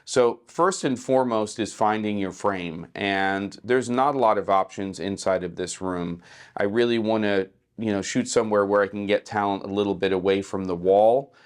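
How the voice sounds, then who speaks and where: A man hosting a casual how-to talk in a small hotel suite, relaxed and conversational with a morning voice. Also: lowish voice, normal speed, clear, resonant tone. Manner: relaxed, conversational, many fillers. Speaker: filmmaker host.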